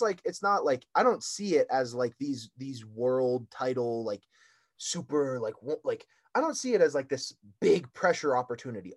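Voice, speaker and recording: A young man, a guest handler, talking emotionally and rambling with many filler words. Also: fairly high pitch. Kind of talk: casual chat.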